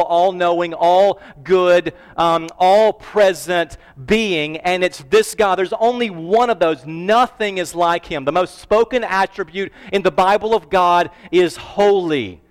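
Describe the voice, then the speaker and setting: A man with a high voice preaches in a church sanctuary. He speaks earnestly and lingers on key phrases. The sound carries a long hall reverb. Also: clean tone. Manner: earnest, emphatic preaching with slowed, stressed phrases. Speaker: pastor. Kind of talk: sermon.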